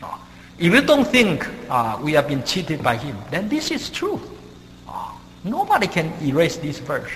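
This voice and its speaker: Guy preaching, lots of uh's, pitch jumps all over, echoey hall with a faint hum. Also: huge pitch swings, a bit bright. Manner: halting, many "uh" fillers, non-native grammar; rises sharply in pitch and volume for emphasis. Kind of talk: sermon.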